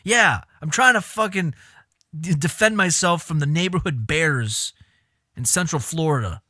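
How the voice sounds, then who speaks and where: A man's voice: on the high side, lively intonation, measured pace, pushed and bright, no room sound, clean studio sound. A man streaming live, riffing on clips in casual, profane, exasperated commentary.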